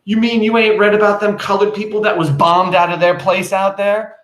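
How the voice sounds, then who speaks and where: A man's voice: on the high side, lively intonation, moderate pace, a bit bright, roomy sound. A man reading as a sly, sarcastic older woman neighbor. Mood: gossipy.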